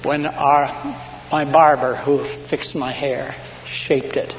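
Higher-pitched male pastor preaching in a hall. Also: little pitch movement. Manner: dramatic storytelling, swinging between loud, slow proclamations and hushed asides. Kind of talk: sermon. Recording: hall reverb with faint background noise.

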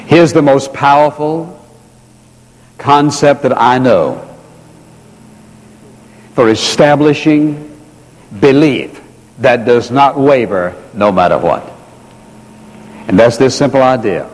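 Earnest preacher in a reverberant hall. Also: male voice, mid-range voice, expressive. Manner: earnest, slows down and repeats key phrases for emphasis. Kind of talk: sermon. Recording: long reverb of a large hall.

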